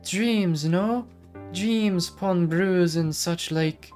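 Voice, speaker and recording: A woman's voice: on the low side, extremely slow, darkish tone, faint music behind, voice pushed up. A woman voicing a mysterious wandering magic woman with a put-on Irish-type lilt and garbled, old-timey phrasing.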